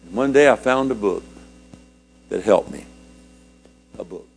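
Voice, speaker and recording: An older man, a preacher, telling a personal story in a sermon, his voice climbing high with feeling and dropping low and quiet. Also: expressive, measured pace, creaky, breathy edge, faint music behind.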